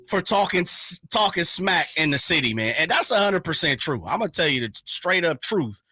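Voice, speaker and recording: A male sports radio host from the Sacramento area, chatting in a hyped, slangy way with quick bursts. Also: fairly high pitch, big pitch swings, bright, forceful tone, breathy edge, dry recording, studio quality. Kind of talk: casual sports talk radio.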